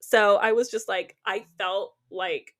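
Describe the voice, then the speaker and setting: A young adult woman co-hosting a casual podcast chat, telling stories with lively re-enacted quotes. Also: slow. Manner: animated storytelling, acts out quotes with big pitch jumps. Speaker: podcast co-host.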